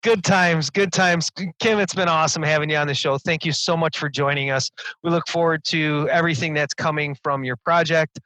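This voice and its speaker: A man's voice: fairly high pitch, fairly even intonation, brisk, sharp tone, no room sound, low-quality recording. A middle-aged man co-hosting a casual podcast, enthusiastic, laughing often and repeating words as he talks. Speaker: podcast co-host.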